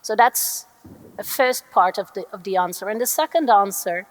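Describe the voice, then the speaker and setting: A middle-aged woman from the Netherlands, an employment lawyer telling a personal story on a conference panel, earnest and reflective with thoughtful pauses. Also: medium pitch. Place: large conference hall. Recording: echoey conference hall.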